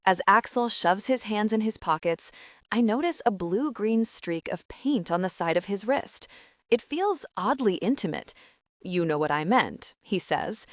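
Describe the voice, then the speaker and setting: A woman reading a first-person audiobook with expressive, lively narration. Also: mid-range voice, a little slow, no echo, studio quality.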